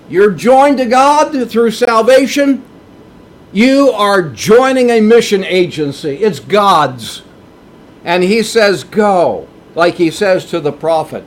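Slow, high-voiced preacher man. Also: lively intonation. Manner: slow, emphatic preaching with dramatic pitch swings. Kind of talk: sermon.

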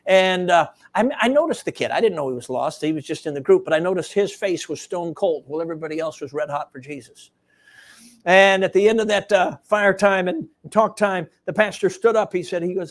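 High-voiced male preacher telling a story. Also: a little fast. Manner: animated storytelling with frequent fillers, drops to hushed tones for emphasis. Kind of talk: sermon storytelling.

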